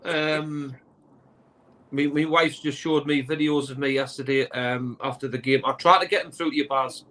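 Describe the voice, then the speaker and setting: A man speaking as a guest on a casual video call, emotional and halting, full of ums. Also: medium pitch, fairly even intonation, fairly bright tone, rough recording. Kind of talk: casual chat.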